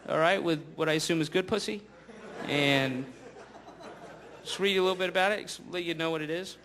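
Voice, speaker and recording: Sardonic stand-up comic on stage. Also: male voice, on the high side, a little fast. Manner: rambling, sardonic, acts out voices. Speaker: stand-up comedian. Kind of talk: stand-up comedy. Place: theater stage before live audience. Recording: live stage with noisy crowd.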